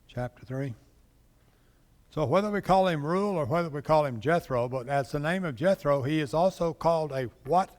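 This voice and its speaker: A man's voice: a little high, moderate pace, darkish tone. Man, Bible class teacher, conversational, asks questions, church room with long reverb.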